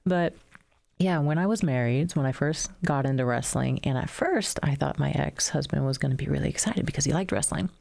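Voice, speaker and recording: A woman in her thirties tells stories in a casual podcast chat. Her voice has a gravelly fry, and she talks in an animated way, laughing often and acting out the people in her stories. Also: sits low, brisk. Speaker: podcast co-host, wrestler.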